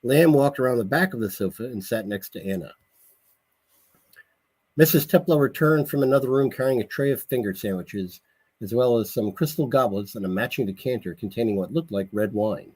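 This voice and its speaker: An author reads a passage from his novel aloud at a measured pace, now and then catching and correcting a word. His voice is mid-pitched with a husky, breathy grain. The delivery is steady and unhurried. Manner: measured reading with small slips and self-corrections.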